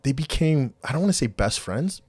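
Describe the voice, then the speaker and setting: A man's voice: medium pitch, sing-song, a little fast, a little mellow, breathy edge, dry recording. A man co-hosting a casual podcast, rambling with many restarts and acting out quoted dialogue. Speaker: podcast co-host.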